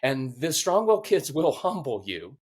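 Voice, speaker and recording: A man's voice: a little high, moderate pace, husky. A middle-aged man, a parenting coach being interviewed, telling stories earnestly and getting choked up with emotion. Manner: earnest, emotional, animated storytelling. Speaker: podcast guest, parenting coach. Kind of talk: conversational interview.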